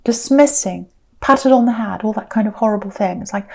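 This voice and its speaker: A woman's voice: mid-range voice, normal speed, dark tone. A woman giving an intuitive tarot reading, earnest and repeating her phrases for emphasis. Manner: acts out quoted people in a mocking voice. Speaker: tarot reader.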